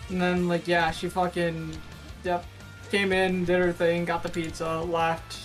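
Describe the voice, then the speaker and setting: A man's voice: high voice, measured pace. Casting: man streamer, rambling storyteller, swears freely, game music playing behind. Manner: rambling, animated, swears a lot. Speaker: streamer telling a story to friends. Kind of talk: casual profane chat over gameplay.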